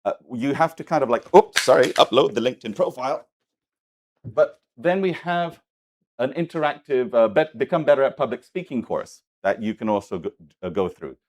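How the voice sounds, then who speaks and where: Hurried man giving a live demo. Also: medium pitch, lively intonation. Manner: hurried, halting, many restarts. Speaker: presenter demonstrating software. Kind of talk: live product demo talk. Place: festival lab presentation.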